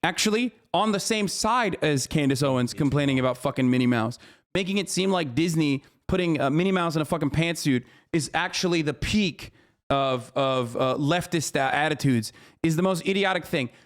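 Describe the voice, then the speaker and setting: Exasperated high-voiced man ranting on stream. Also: normal speed. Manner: ranting, exasperated, heavy swearing. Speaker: streamer reacting to a clip. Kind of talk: casual live-stream commentary.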